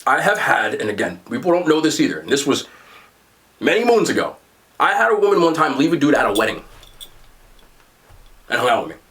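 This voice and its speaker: A man's voice: a little fast, long pauses. A young man with a New Jersey accent, telling stories in casual chat as a podcast host. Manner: animated storyteller, excited jumps in pitch.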